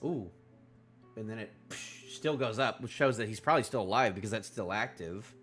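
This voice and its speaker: A man live-streaming a manga reaction, excitable, repeating himself and drifting into tangents. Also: lowish voice, moderate pace, soft background music.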